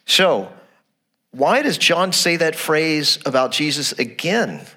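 Animated male pastor preaching. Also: fairly high pitch, slow. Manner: animated preaching, repeats phrases, asks rhetorical questions. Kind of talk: sermon.

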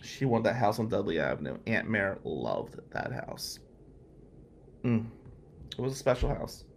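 A man's voice: lowish voice, sing-song, normal speed, vocal fry, a little hiss or hum. A man telling a personal story in a candid, emotional way, with sighs along the way. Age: adult, past law school. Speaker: storyteller recounting his past.

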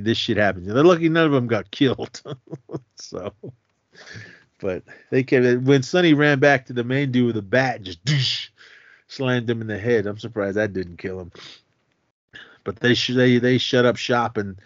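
A man's voice: on the low side, no echo. A man co-hosting a podcast, casually recapping a movie scene by scene with lots of swearing and laughter. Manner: profane, animated retelling with frequent laughs. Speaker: podcast co-host. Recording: dull, dry lo-fi podcast mic.

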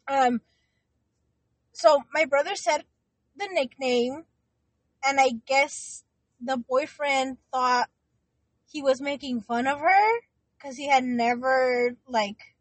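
A woman's voice: high voice, slow pace, pauses often, no echo. A young woman co-hosting a podcast, telling a story in rambling casual chat with lots of fillers. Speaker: podcast co-host.

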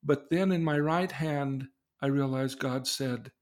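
His pitch is medium and his delivery unhurried, with hardly a pause, as this middle-aged father recounts his own experience to teach his daughter about faith. Earnest and inquisitive, he acts out the lines of the people in his story.

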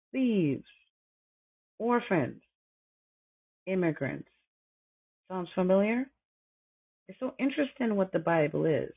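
Raspy woman host with fiery commentary. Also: on the low side, no echo. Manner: fiery, preachy, talks straight to listeners. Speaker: podcast host. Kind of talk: passionate commentary on a historic speech. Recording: tinny phone-like dry recording.

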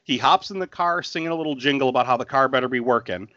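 A man's voice: mid-range voice, fast, pushed and bright, dull audio, a little hiss or hum. A man in his thirties casually recapping a film scene by scene, laughing and acting out the characters' lines. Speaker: podcast co-host. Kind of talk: casual movie recap chat.

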